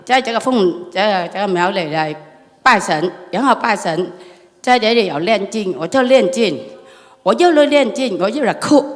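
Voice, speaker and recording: A woman in a meditation class asking her teacher a question, recounting a personal experience in a rambling, repetitive way. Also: mid-range voice. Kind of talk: emotional personal account. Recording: long hall reverb.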